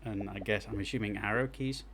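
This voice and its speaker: A man giving live gameplay commentary as he streams and reviews game jam entries, excitable and thinking aloud as he plays. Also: fairly low pitch, fairly quick, slight background noise. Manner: excitable, talks to himself while playing.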